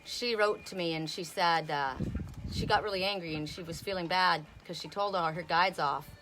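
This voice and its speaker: Blunt, bright-voiced woman card reader. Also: fairly low pitch, normal speed, slight background noise. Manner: blunt, outspoken, swears freely. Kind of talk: casual live-stream card reading. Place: outdoors.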